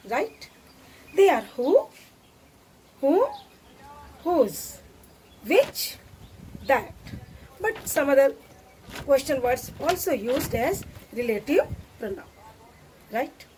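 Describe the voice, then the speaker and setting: A woman's voice: high-pitched, darkish tone, slight background noise. A woman teaching a grammar lesson, patiently repeating every example sentence step by step.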